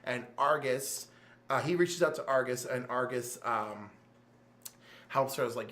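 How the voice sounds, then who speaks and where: A man co-hosting a casual comics podcast, retelling scenes with excited storytelling and quick jumps into character voices. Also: medium pitch. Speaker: podcast co-host reviewing comics. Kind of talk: animated casual chat, acting out scenes. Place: game store.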